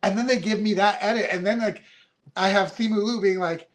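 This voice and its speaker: Male guest, fifties, high voice, chatty and heartfelt, rambling with fillers. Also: fairly even intonation, fairly quick, a little hiss or hum. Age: 50s. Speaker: reality show contestant guest. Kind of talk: casual podcast interview.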